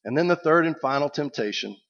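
A man's voice: on the high side, lively intonation, a little fast, a bit bright. A man preaching a sermon as pastor, reflective and conversational. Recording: dull lo-fi recording.

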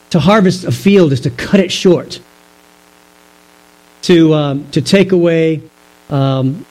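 High-voiced man preaching a Bible study. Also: warm tone, low-quality recording. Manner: measured, explanatory, with rhetorical questions. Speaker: pastor. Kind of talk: Bible teaching sermon.

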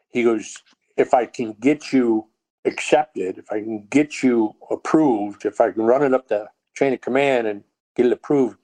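A man's voice: medium pitch, rough recording. A man with a Texan accent, a podcast guest telling a story in casual chat and acting out the voices in it. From Texas. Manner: animated storyteller, acts out quoted dialogue. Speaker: guest, dog trainer.

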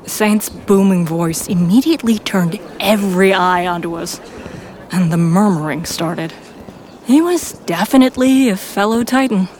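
A woman narrating a first-person fan audio drama in a steady storytelling manner. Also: mid-range voice, a little slow, a little hiss or hum, low-quality recording.

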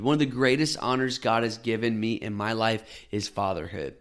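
A man in his thirties giving an earnest, gentle devotional sermon as a podcast host, often dropping to soft tones. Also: lowish voice, normal speed, hardly any pauses.

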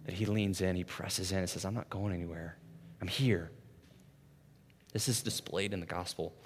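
A pastor preaches in a middle-pitched, everyday male voice, talking to his listeners as if in conversation and tagging his points with "right?". He drops to near-whispers and then swells to loud, urgent emphasis. A long reverb from the big hall trails behind every phrase. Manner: swings from soft and hushed to loud and intense. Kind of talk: sermon.

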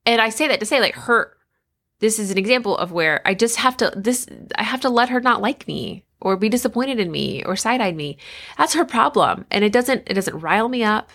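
Bright, candid woman podcast host. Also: medium pitch, animated, fairly quick. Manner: candid, conversational, emphatic. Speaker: podcast host and life coach. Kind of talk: casual podcast monologue.

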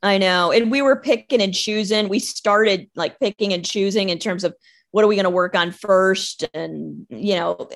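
A woman's voice: mid-range voice, moderate pace, gravelly. A woman who runs a recruiting business speaks as a podcast guest. She talks candidly and chattily, often stumbling at the start of her sentences. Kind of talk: casual interview chat.

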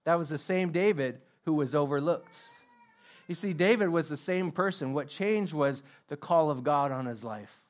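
A man's voice: on the high side, normal speed. A man preaching a sermon as pastor, emphatic, repeating his questions and joking about himself. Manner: self-deprecating humor.

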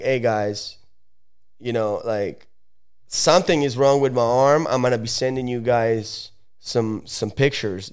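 A man's voice: medium pitch, clear, resonant tone. A young Italian-born man, a podcast guest, telling a long story in a loose, slangy way with many fillers and restarts. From Italy. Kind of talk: casual storytelling.

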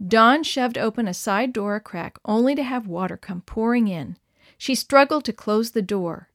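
A woman narrating a story in a clear, expressive read-aloud manner. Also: fairly high pitch, moderate pace, no echo, clean studio sound. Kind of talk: scripted narration.

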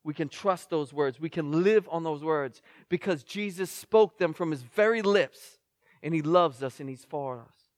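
A man's voice: fairly high pitch, a little slow, no echo. A male pastor in his forties, reading scripture and telling a story in a sermon with mounting intensity. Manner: storytelling preacher, rising in intensity.

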